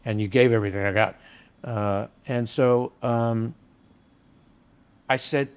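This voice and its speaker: An older man with a gravelly, creaky edge to his voice spins rambling anecdotes at a middle pitch. He talks casually and earthily, like a bartender being interviewed about the old days. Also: fairly even intonation, a little slow. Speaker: bartender guest. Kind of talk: storytelling interview chat.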